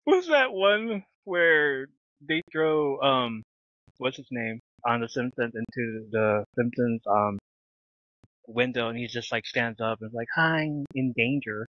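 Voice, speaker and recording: A man's voice: medium pitch, a little slow, dry recording, muffled recording. A man co-hosting a casual podcast, recapping a TV episode with jokes, fillers and mock-dramatic asides. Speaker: podcast co-host.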